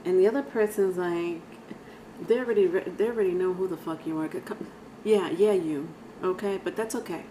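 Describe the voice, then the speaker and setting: A woman's voice: lowish voice, moderate pace, warm tone, a little hiss or hum, rough recording. A woman giving a casual, rambling tarot reading, talking straight to viewers with sighs and laughs. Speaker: tarot reader.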